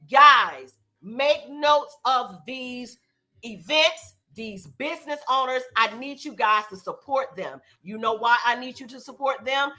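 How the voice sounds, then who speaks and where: A woman's voice: a little high, pushed and bright. A middle-aged woman hosting a casual live recap show, chatty and sassy as she thanks friends and sponsors. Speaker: show host.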